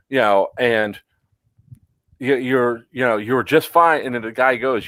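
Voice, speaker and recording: A man's voice: mid-range voice, unhurried, fairly bright tone, dry recording, low-quality recording. A man co-hosting a casual chat, telling a story with many fillers and acted-out quotes. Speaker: podcast co-host.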